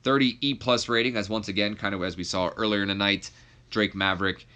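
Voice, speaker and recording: Young guy chatting over his wrestling sim, lowish but bright voice, laid-back and jokey. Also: fairly even intonation, a little fast, clear, resonant tone. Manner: laid-back, jokey, swings up high when exasperated. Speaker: YouTuber playing a wrestling sim. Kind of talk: casual game commentary.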